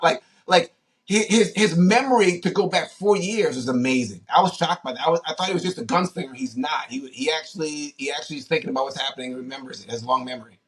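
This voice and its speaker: Higher-voiced man telling animated stories. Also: fast. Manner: animated anecdotes, many fillers and restarts. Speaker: former pro football player, guest. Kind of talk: casual interview storytelling.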